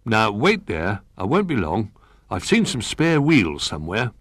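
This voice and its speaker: A man playing a wise old toy bear, calm and reassuring, in a low, husky voice that still moves a lot. The storybook telling is close and dry. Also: measured pace, no room sound, heavily acted.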